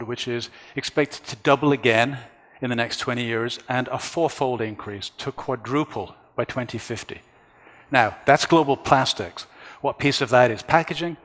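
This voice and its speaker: Man, conference speaker, mid-pitched voice, measured explanation, long hall echo. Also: a bit bright. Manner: measured, explains slides step by step. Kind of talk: conference presentation.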